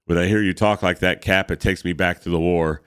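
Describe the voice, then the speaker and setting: A man's voice: low voice, steady tone, brisk, fairly bright tone, clean tone, no room sound, studio quality. A man voicing an elderly, frail British lord, anxious and haunted, in a fretful, pleading manner. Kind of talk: reading a comic aloud.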